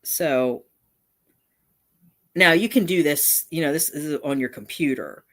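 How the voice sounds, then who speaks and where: A woman's voice: sits low, slow. A woman hosting a casual live stream, chatting in a meandering way and often breaking off to circle back mid-thought. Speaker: channel host.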